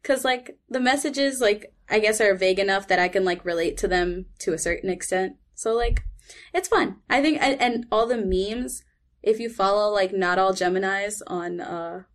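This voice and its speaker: A young woman co-hosting a podcast, talking in chatty, animated casual chat with many "like" fillers. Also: medium pitch, moderate pace. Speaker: podcast co-host.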